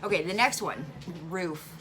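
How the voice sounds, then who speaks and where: A woman's voice: fairly low pitch, measured pace, fairly bright tone, faint music behind. A woman with a central Illinois accent, chatting animatedly and laughing easily as she vlogs at home. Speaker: vlogger. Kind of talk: casual chat.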